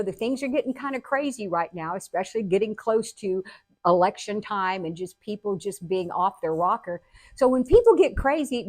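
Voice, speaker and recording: Older woman, storyteller, casual, animated. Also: mid-range voice, dry recording. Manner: animated, acts out quotes with laughter. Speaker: host telling personal stories.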